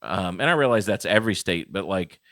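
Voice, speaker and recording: Low-voiced man in loose podcast chat. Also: lively intonation, a little fast, fairly bright tone, no echo, clean studio sound. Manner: rambling, loose, full of restarts and fillers. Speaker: podcast co-host. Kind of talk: casual chat.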